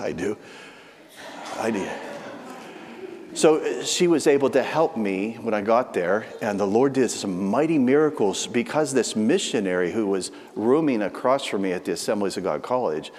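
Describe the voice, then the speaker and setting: A man preaching a storytelling testimony, with frequent restarts and animated emphasis. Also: lowish voice, moderate pace. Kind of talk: testimony sermon. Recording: long hall reverb.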